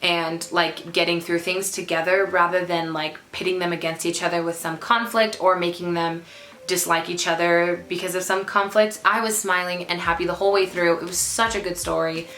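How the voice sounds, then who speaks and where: A woman's voice: on the low side, fairly even intonation, moderate pace, a bit bright. Gushing young woman book vlogger, echoey room. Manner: gushing, emphatic, repeats words for stress. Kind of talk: casual chat to camera. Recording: echoey room with faint music.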